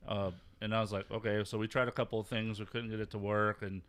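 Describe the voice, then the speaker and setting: A man's voice: lowish voice, flat delivery, fast talker, a bit bright, clear, resonant tone. A middle-aged man and father, telling jokey family stories and teasing his son in casual chat. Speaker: father and podcast host.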